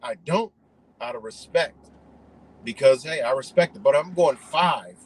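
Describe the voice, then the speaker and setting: A man's voice: medium pitch, unhurried, slightly rough, low-quality recording. A man ranting indignantly in a profane, rambling monologue.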